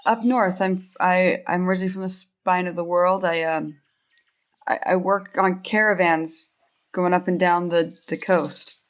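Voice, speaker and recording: A woman's voice: lowish voice, steady tone, a little slow, close to an everyday voice. A woman voicing a nervous young sorcerer who stammers and hesitates.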